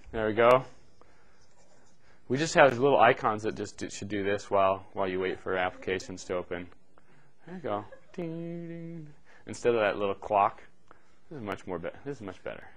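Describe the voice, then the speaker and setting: A middle-aged man lecturing a class in a relaxed, off-the-cuff way. His voice sits a little low, and he keeps checking in with "okay" and "right" as he walks through each step, dropping the odd joke along the way. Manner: casual, joking asides, frequent "okay" and "right". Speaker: university lecturer.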